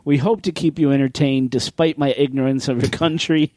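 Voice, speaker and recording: A man's voice: mid-range voice, steady tone, fairly quick, darkish tone, no room sound. A middle-aged man cohosting a chatty podcast, joking and self-mocking, often breaking into laughs. His voice sits in an ordinary middle register and is recorded close on a dry, deadened mic with no room sound. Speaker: podcast host. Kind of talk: casual chat.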